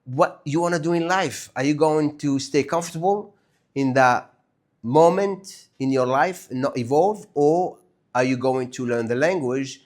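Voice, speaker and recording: Animated Algerian-born man with a mixed accent. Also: a little high, a little slow. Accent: French-influenced English, mixed British, Australian and American. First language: French and Arabic. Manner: animated storyteller, acts out quoted voices, swears casually. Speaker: podcast co-host. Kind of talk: casual chat.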